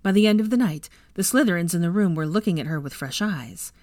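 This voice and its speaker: A woman reading fan fiction aloud with an expressive reading voice. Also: on the low side, fast talker, no echo, clean studio sound.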